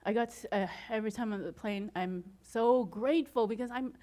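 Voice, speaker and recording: A woman giving an inspirational talk to an audience, telling her story with frequent laughter and acting out her own excited reactions. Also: fairly high pitch, normal speed. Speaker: motivational speaker.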